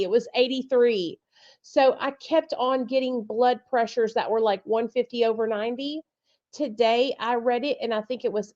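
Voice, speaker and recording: A woman's voice: fairly high pitch, a bit bright, highs cut off. A woman hosting a casual live chat, talking bluntly with frequent swearing and laughter over a video call. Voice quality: blunt, profane, laughs often. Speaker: podcast host.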